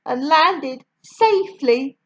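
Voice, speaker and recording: Slow, expressive woman reading rhymes. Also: high-pitched, low-quality recording. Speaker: storyteller. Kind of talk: reading rhyming poems aloud.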